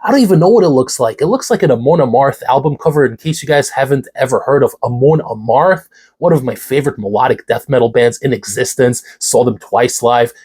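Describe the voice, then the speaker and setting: A man's voice: mid-range voice, a little fast, husky. A young man with a congested, worn-out voice, giving a hyped, casual review of a workout supplement in a vlog. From New York City. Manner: hyped, energetic, casual with slang. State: congested, hoarse voice.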